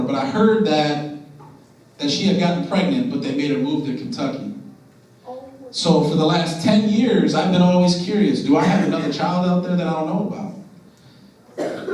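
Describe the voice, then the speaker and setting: A man's voice: on the high side, darkish tone, a little hiss or hum. Earnest young man, in a very echoey hall. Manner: earnest, direct, asks the students questions. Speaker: motivational speaker. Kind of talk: school assembly talk. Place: large echoey school room. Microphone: distant from the recording device. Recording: very echoey hall audio from a distance.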